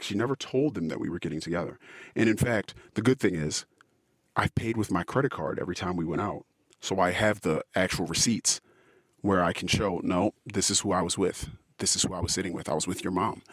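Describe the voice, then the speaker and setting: A man hosting a podcast, telling a personal story in an earnest, aggrieved way, with frequent pauses and fillers. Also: low-pitched, no room sound, studio quality.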